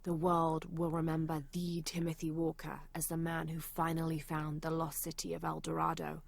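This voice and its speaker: An actress voicing a female adventurer in a video game, reading old journal entries aloud in a measured, serious way. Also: deep voice, completely flat delivery, gravelly, no echo. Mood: grim.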